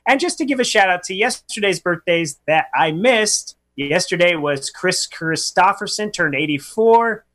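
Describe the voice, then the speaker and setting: A man co-hosting a casual radio show, quick and playful as he runs through a segment. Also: high voice, animated, fairly bright tone. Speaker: radio co-host.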